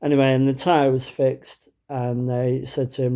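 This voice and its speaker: A man's voice: mid-range voice, flat delivery, a little fast, warm tone. A man spinning a funny everyday anecdote in a loose, conversational way. He is dry and wry, with plenty of fillers and restarts along the way. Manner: chatty, wry, lots of fillers. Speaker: storyteller. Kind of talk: comic anecdote told to camera.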